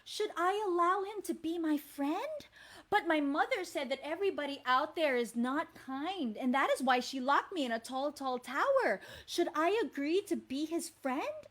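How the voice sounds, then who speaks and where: A woman's voice: sits high, expressive, normal speed, fairly bright tone. A woman with a Filipino accent voicing a sheltered, curious young girl in a fairy tale, wondering aloud. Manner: wondering, talks to the kids.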